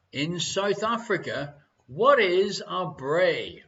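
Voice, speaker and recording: The dull lo-fi stream audio carries an Irish man's high, expressive, slightly bright voice as he hosts a live quiz from home at an unhurried pace. He's playful and talkative, reading each question twice and bantering with his partner.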